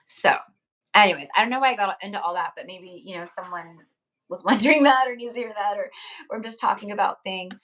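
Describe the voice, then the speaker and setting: A young woman chats on a live tarot stream in a loose, heartfelt ramble, her pitch sitting in a middle range for a woman. She piles on fillers, "you know"s and restarts as she talks straight to her viewers. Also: fast, a bit bright. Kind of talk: casual live-stream chat.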